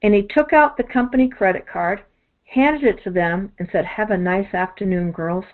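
A woman's voice: mid-range voice, normal speed. A woman who does energy work, telling long rambling stories in a casual chat, full of fillers and restarts. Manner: rambling, many "you know" fillers and restarts. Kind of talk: casual storytelling monologue. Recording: tinny phone-like audio.

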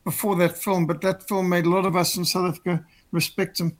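A man with a Rhodesian English accent, a podcast guest explaining in a measured way with frequent ums. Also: high-pitched, level tone. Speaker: guest commentator. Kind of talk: casual podcast chat.

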